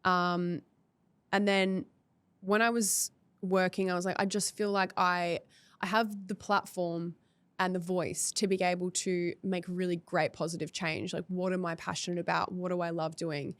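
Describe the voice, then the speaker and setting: An Australian woman guesting on a podcast, telling her stories with animation and slipping into voices for the people she quotes. Her voice sits a little low, recorded close and dry with no room sound. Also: normal speed, no echo. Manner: animated storyteller, acts out quotes. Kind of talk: casual chat.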